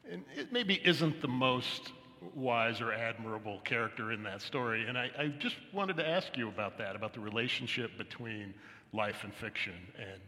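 Guy interviewing onstage, bright voice, halting careful questions, big hall echo. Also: medium pitch, lively intonation. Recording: reverberant hall recording.

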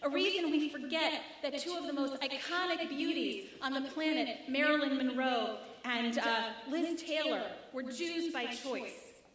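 A woman rabbi giving a rhythmic, expressive sermon with wry humor, in a large synagogue sanctuary. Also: high-pitched, a little slow, slight background noise. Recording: echoey sanctuary, mic at a distance.

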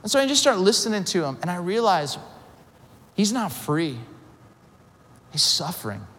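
A male pastor delivering a sermon, telling stories with lively quoted voices and quick self-deprecating asides. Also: high-pitched. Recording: long reverb of a large hall.

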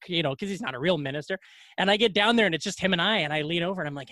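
A man in his thirties with a high voice, talking fast and laughing easily in casual chat. His talk is full of fillers and quick asides. The recording is close and dry. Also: bright, forceful tone, no room sound. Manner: quick, chatty, laughs often, lots of fillers like "like" and "yeah".

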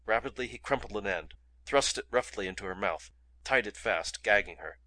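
Guy reading an adventure book aloud, dramatic, kinda tense bright voice. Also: on the low side, lively intonation, normal speed. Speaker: audiobook reader. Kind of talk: audiobook narration.

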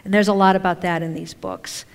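A woman's voice: lowish voice, fairly even intonation, fairly quick, clear, resonant tone. Chatty older woman in a reverberant hall. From Maine. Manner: chatty, laughs often, self-deprecating asides. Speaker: speaker at a spiritual event. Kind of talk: casual talk to a live audience. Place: stage in a large hall. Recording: echoey hall with long reverb.

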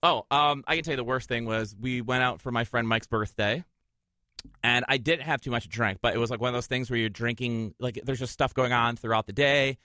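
A man in his thirties from Minnesota co-hosting a podcast in casual chat, telling stories with lively jumps in pitch when he quotes people. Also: a little fast, dry recording, clean studio sound. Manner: animated storyteller, jumps high when quoting people. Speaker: podcast co-host.

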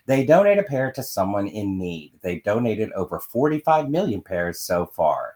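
A man from Philadelphia co-hosting a podcast in casual, animated chat with many fillers and asides, also reading an ad. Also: fairly low pitch, moderate pace, few pauses. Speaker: podcast co-host. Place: vacation spot.

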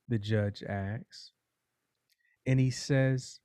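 Guy preaching slow and dramatic, mellow low-key tone, dry close sound. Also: fairly even intonation, no room sound. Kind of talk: sermon with a told parable.

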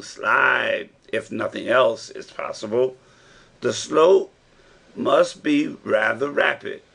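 Man voicing a bold old professor, slow and gravelly, firm instructions, audiobook. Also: medium pitch, fairly bright tone, heavily acted. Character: older male professor, bold and cheering. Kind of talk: audiobook reading.

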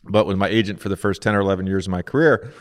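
Man, podcast co-host, animated storytelling, lower voice, laughs while talking, long reverb. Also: rapid-fire. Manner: animated storyteller, laughs through his stories. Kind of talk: casual interview chat.

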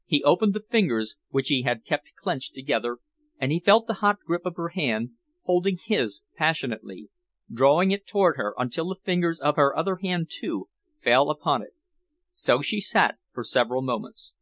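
A man narrating a novel as an audiobook, reading in an expressive, measured way. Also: on the high side, no room sound.

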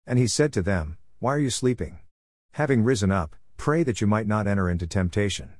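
A man reading scripture aloud in a plain, measured way, in short phrases. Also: fairly low pitch, expressive, a little mellow, no room sound. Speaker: scripture reader.

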